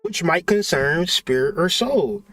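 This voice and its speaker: A man hosting a spiritual channel, delivering a profane, mocking, animated comedic rant. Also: fairly high pitch, a little slow, no room sound, faint music behind.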